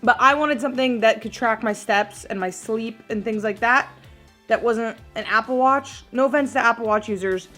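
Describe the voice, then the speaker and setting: A woman's voice: on the high side, moderate pace, fairly bright tone, soft background music. A young woman vlogging in a casual, chatty way, leaning on "like" a lot, first at home and later at a gym. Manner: chatty, bubbly, says "like" often. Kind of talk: casual vlog chat.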